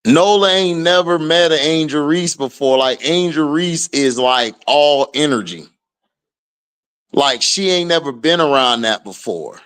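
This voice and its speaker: Male streamer, unhurried delivery, casual trash-talking game commentary with frequent laughs. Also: a little high, clear, resonant tone. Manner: slangy, laughing, animated trash talk. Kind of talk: casual live watch-along commentary.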